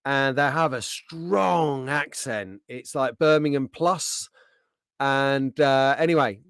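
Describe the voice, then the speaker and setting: A man's voice: medium pitch, takes it slowly, a bit bright, clear, resonant tone, no echo. A man hosting a casual livestream, chatting in a friendly way and reading out viewer comments. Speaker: livestream host.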